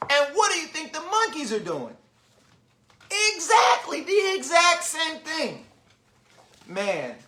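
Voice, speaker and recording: A man reads a children's picture book aloud with animated, chatty asides to young listeners. His voice sits fairly high and swings widely up and down, and his pace is unhurried. The room adds a noticeable echo. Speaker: children's book reader, literacy founder. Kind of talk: children's storybook read-aloud. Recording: roomy echo.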